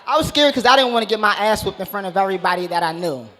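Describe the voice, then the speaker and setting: Male stand-up comic, high voice, brash and profane, live club set. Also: animated, very fast, sharp tone. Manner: brash, profane, punchline-driven delivery. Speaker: stand-up comedian. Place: comedy club stage.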